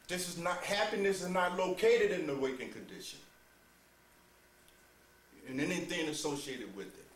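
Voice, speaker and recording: A spiritual teacher preaching to a small gathering, his voice carried from a distance in a roomy space with faint ambience behind him. He drops to low, measured lines, then rises into loud, laughing, mocking outbursts, and keeps asking "you see?" and calling his listeners "beloved.". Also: a little hiss or hum. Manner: playful, mocking asides with laughter. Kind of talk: sermon.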